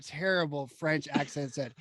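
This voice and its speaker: Guy hosting a podcast, pretty high voice, tells stories all animated and blunt. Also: normal speed, no echo. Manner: animated, emphatic, frank storytelling. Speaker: podcast host. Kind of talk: casual storytelling chat.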